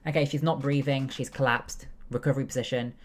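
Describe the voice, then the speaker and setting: A young woman with a very deep voice chats casually while streaming a game, talking briskly with fairly even intonation. She's a streamer and nursing student who walks through each step one by one, filling her speech with fillers and chatty asides.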